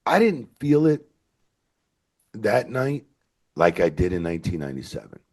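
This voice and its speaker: A middle-aged man, telling stories as a guest in a podcast interview, excitable and swearing as he goes. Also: moderate pace. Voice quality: very deep, gravelly and husky voice. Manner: excitable, swears, leaps up in pitch when retelling stories. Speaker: retired wrestling referee, guest. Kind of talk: animated storytelling in a podcast interview.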